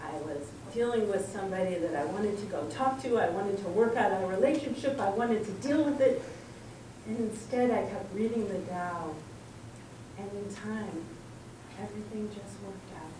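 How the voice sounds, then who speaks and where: A woman's voice: mid-range voice, normal speed. Earnest woman speaker in an echoey hall. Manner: storytelling, earnest and reflective. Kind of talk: talk to a congregation. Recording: echoey room from far off, faint noise.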